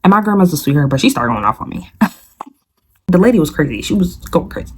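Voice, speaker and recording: This young woman vlogger has a low, husky voice and a quick pace. She's animated and slangy as she tells a story right to her audience, calling them "you guys" and "y'all."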